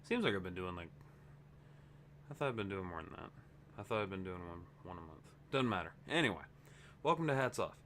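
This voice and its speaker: A man's voice: low voice, sing-song, fairly quick, long pauses, a bit bright, slight background noise. A man hosting his gaming channel's casual update vlog, tired and rambling, interrupting himself as he talks. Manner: rambling, self-interrupting, chatty.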